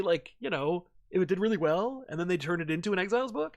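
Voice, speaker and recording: A man from the United States co-hosting a comic review show, chatting excitedly, rambling with restarts and casual swearing. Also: high-pitched, fast. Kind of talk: casual chat.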